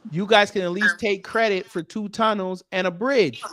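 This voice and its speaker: A man hosting a casual comedic talk show, loud and joking, teasing his co-host. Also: high voice, steady tone, normal speed, background noise. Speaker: podcast host.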